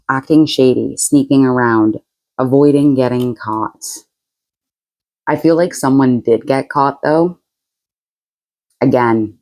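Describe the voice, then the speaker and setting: A woman's voice: rumbling low, darkish tone, rough recording. A woman giving a casual tarot reading to her viewers, chatty and frank, laughing often and using blunt slang. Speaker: tarot reader.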